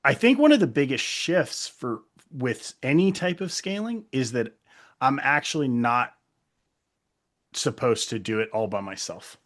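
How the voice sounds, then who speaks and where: A man co-hosting a podcast in casual chat, animated, laughing often and acting out remarks. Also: medium pitch, a little slow. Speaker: podcast co-host.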